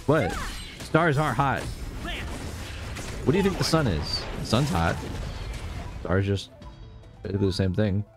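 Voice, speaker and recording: A young man with a very low voice chats casually with his stream, rambling and joking as he goes. Faint music runs under his talk. His tone stays loose and playful. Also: sing-song, a little slow, long pauses. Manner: rambling, jokey, chats to viewers, laughs often. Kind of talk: casual live-stream chat.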